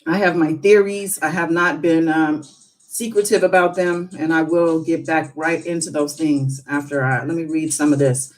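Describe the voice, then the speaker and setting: A woman's voice: low voice, steady tone, normal speed, rough recording. A woman hosting a casual live stream, chatting and musing as she reads news aloud with her own asides.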